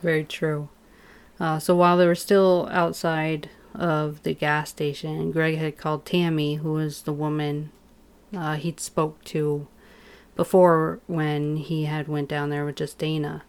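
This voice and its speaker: Smooth, flat-voiced woman recapping. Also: sits low, unhurried. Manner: steady recounting with uh fillers, brief backchannels. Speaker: podcast co-host. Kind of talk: casual podcast recap.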